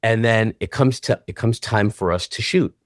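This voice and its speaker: Low-voiced man telling a lively story. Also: normal speed, dry recording, studio quality. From Canada. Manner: acts out both sides of old phone calls, voice jumping up when excited. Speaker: guest choreographer. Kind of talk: animated storytelling in an interview.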